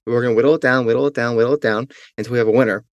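A man's voice: mid-range voice, steady tone, very fast, no room sound, highs cut off. A man co-hosting a podcast in casual chat, joking and poking fun at himself, with many ums and uhs. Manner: jokey and self-mocking, with many fillers. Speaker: podcast co-host.

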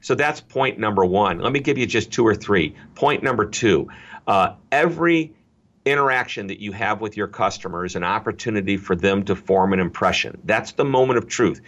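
A middle-aged man with a low voice speaks as a guest on a business interview. He tells stories with energy and leans on repeated catchphrases to drive his points home. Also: normal speed, highs cut off. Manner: energetic, anecdotal, repeats key phrases. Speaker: guest speaker on customer service. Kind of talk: interview storytelling.

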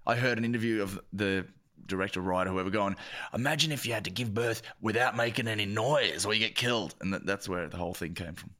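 A man's voice: on the low side, quick pace, bright, forceful tone. An Irish man co-hosting a comedy podcast in a studio, telling rambling stories and laughing often. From Ireland. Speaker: podcast co-host. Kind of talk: casual comedic chat.

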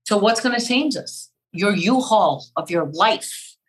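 An older woman from Cuba, an actress guest in an interview, talking in an animated, emphatic way and repeating key phrases. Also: mid-range voice, unhurried, slightly rough, poor audio. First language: Spanish. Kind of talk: interview conversation.

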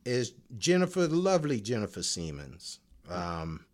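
Animated, joking male podcast co-host. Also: on the low side, normal speed. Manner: jokey, teasing, hesitant with many ums. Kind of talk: casual podcast banter.

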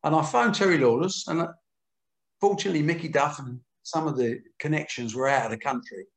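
An older man who promotes boxing recounts candid, salty anecdotes during an interview, voicing the quotes himself. He sounds gravelly and on the high side, talking fairly quickly, with a roomy sound.

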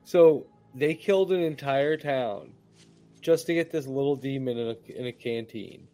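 A man's voice: medium pitch, moderate pace, warm tone. A man co-hosting a movie commentary podcast, joking crudely in casual banter. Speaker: podcast co-host.

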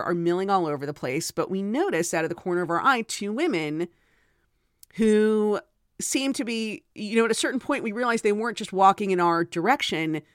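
A woman's voice: medium pitch, clean tone, no echo, clean studio sound. A woman hosting her own podcast, telling a story in a chatty, digressive way with self-deprecating asides. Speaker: podcast host and author. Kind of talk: casual storytelling monologue.

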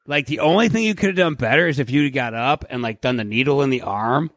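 A man's voice: mid-range voice, fast, fairly bright tone, no echo. A man co-hosting a podcast in casual chat, swearing freely, joking and acting out imagined conversations. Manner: profane, joking, acts out imagined dialogue. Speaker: podcast co-host.

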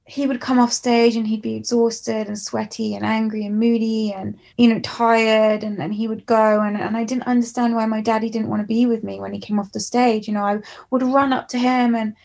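Gravelly-voiced English woman recalling childhood. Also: a little high, level tone, brisk, few pauses, a little mellow. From England. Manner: reflective, emotional, candid. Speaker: musician guest. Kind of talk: candid storytelling interview.

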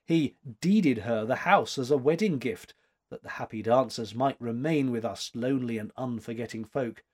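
Husky male storybook narrator. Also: medium pitch. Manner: measured, expressive storytelling. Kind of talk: audiobook narration.

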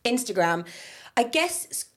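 A young Englishwoman co-hosting a chatty podcast, her voice sitting on the high side. She tells stories with animation, slipping into quoted voices. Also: measured pace. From England. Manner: animated storyteller who acts out quoted voices. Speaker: podcast co-host. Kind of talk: casual chat.

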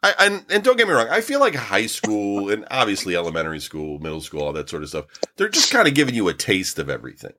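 A man's voice: sits low, fast talker, few pauses, noisy background. A middle-aged man co-hosting a podcast, ranting in casual chat with lots of fillers. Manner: ranting, animated, filler-heavy. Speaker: podcast co-host.

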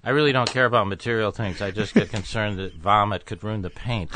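A man, a guest comedian in a casual interview chat, speaking slowly and deliberately with halting pauses and fillers. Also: fairly low pitch, noisy background.

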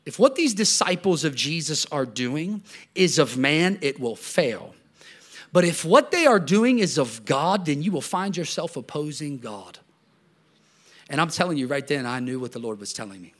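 Animated, fairly high-voiced male preacher. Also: normal speed. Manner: conversational, animated preaching with swings from loud to hushed; frequent restarts and repeated words. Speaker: pastor. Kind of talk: sermon.

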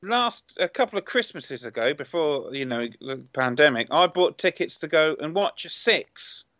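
A comedian chats playfully on a podcast, teasing the others. His voice is fairly high and bounces around a lot. The sound is dry and a bit dull, with a lo-fi quality. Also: lively intonation, normal speed, pushed and bright, dry recording. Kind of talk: casual comedy chat.

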